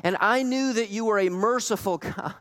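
Preacher acts out a raging, self-righteous prophet. Loud and high, in a reverberant hall. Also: male voice, normal speed. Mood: indignant. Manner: indignant, ranting, raised voice. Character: angry, bitter, self-righteous male prophet.

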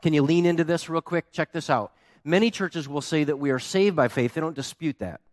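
A man preaching a sermon as pastor, telling a story with lively acted-out quotes. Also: a little high, a little fast, no room sound, studio quality.

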